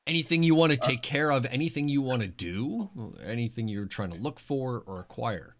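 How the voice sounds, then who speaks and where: A man running a tabletop game as game master, narrating scenes in a relaxed, offhand way. His voice sits at an ordinary pitch, and he fills his sentences with loose asides. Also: normal speed. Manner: relaxed narration with casual filler.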